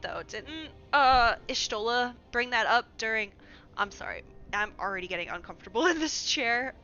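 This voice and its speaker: A woman's voice: on the high side, animated, normal speed, bright, forceful tone, dull audio, soft background music. A young woman streaming a video game, chatting casually and giggling. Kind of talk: casual gameplay commentary.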